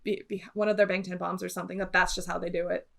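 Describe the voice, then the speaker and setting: A woman's voice: fairly low pitch, little pitch movement, racing, creaky, fairly bright tone. A woman co-hosting a casual podcast chat, explaining her thoughts at length. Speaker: podcast co-host.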